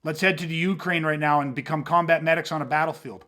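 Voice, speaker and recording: A man with a somewhat high voice, talking in a loose, casual podcast chat. He teaches self-defense and rambles through his stories. He swears freely and keeps dropping fillers like "you know what I mean". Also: steady tone, fast talker, sharp tone.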